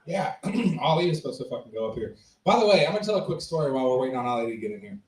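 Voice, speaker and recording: A man's voice: medium pitch, big pitch swings, rapid-fire, distant mic. A man filling time on a comedy club stage, telling a loose, rambling, profane story. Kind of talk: stand-up storytelling. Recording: echoey club, mic held away.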